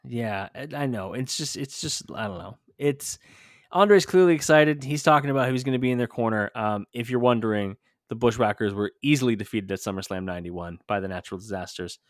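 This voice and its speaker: On a podcast, a male co-host chats casually, quizzing his partner and rattling off lists of names quickly. His mid-range voice comes through in clean studio sound with no room ambience.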